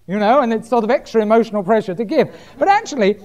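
Male preacher, high-pitched and very animated; reads scripture, hammers key words. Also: fast talker. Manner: emphatic, repeats key words, reads verses aloud. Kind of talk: sermon with scripture reading.

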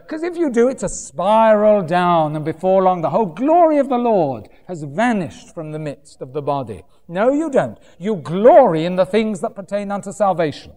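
A man from Britain preaching a sermon in an animated way, swooping up and down and acting out other people's voices. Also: high-pitched, normal speed, few pauses. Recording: reverberant hall.

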